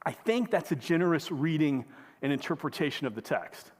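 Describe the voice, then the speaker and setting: A man's voice: a little high, very animated, a little fast, darkish tone, long reverb tail. A male pastor preaching a sermon in a conversational way, often asking the congregation questions. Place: church sanctuary.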